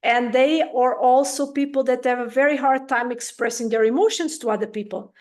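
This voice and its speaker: A woman giving an interview as a parenting coach, explaining calmly and acting out parents' voices in little quotes. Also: sits high, a little fast.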